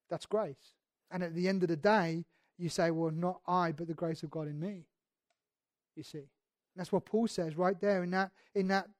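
This high-voiced man delivers a sermon that swings between hushed reflection and forceful, emphatic moments, reading scripture and lingering on important words. The recording is dry and studio-clean.

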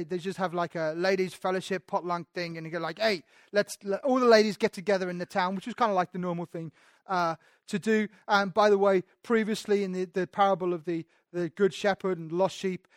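High-pitched guy preaching, chatty then punchy, dry no-room sound. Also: no room sound. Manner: conversational preaching, emphatic rises. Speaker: pastor. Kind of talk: sermon.

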